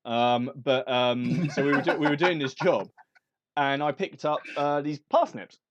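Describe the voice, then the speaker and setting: A man's voice: mid-range voice, measured pace, highs cut off, a little hiss or hum. A man on a casual hobby podcast, telling a rambling anecdote full of restarts and fillers. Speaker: podcast co-host. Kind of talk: casual chat.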